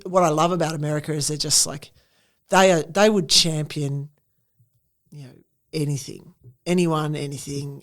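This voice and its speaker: A woman in her forties with an Australian accent, telling stories in a casual interview, animated and full of acted-out quotes. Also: sits low. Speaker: interview guest, entrepreneur.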